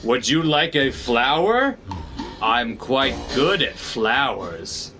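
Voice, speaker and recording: A man voicing a huge, gentle rock creature that talks slowly and simply like an eager child. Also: mid-range voice, very animated. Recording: music playing underneath.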